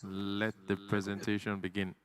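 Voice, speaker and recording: A man's voice: fairly low pitch, monotone, moderate pace. A man, emceeing a live industry event in a playful, teasing way. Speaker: event master of ceremonies.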